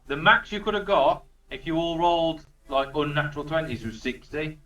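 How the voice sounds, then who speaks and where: A man's voice: fairly high pitch, normal speed, bright, forceful tone. A man narrating as dungeon master, chatty and casual, swearing freely. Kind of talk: narrating a tabletop game, casual. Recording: distant roomy lo-fi recording.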